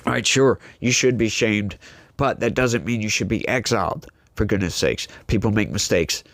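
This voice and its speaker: A man's voice: lowish voice, normal speed, no room sound. Emphatic male political commentator, dry sound. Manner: emphatic, preachy, talks straight to the audience with "folks" and "y'all". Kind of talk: opinionated political commentary monologue.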